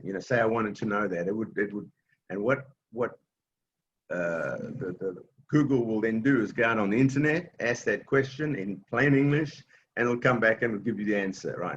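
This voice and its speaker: A man's voice: fairly low pitch, normal speed, a bit bright, highs cut off, slight background noise. A man teaching an online class for seniors, explaining patiently in plain words with many fillers and restarts, over a video call. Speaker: technology class instructor.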